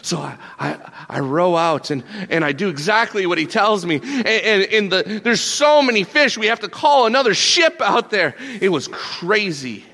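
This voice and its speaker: A man playing the apostle Peter as an excitable, laid-back fisherman, telling his stories in slangy first person with lots of stammered restarts. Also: high-pitched, a little slow, creaky, few pauses, heavily acted. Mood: excited storytelling. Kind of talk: first-person character monologue.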